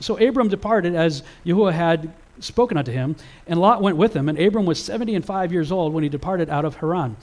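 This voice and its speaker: Conversational man with a higher voice. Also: expressive, quick pace. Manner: conversational, many fillers and restarts. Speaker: Bible teacher. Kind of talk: casual teaching presentation.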